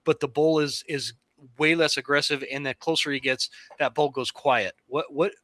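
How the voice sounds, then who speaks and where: A man's voice: fairly high pitch, fairly even intonation, normal speed, bright, forceful tone, no echo. A man hosting a podcast interview, casually relaying a listener's question and asking follow-ups. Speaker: podcast host.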